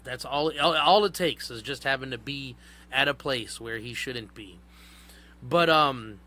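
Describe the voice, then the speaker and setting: A man's voice: on the high side, pushed and bright. A man hosting a live show, chatting casually and profanely about books, rambling with many fillers. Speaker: podcast host. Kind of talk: casual livestream talk.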